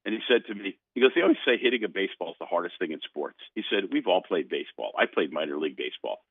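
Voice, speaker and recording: A man's voice: deep voice, rapid-fire, husky, no echo. An older man, a guest on a sports radio show, telling a long story with lots of restarts, heard over a phone line. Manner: animated storyteller with frequent restarts. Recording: dry phone-line sound.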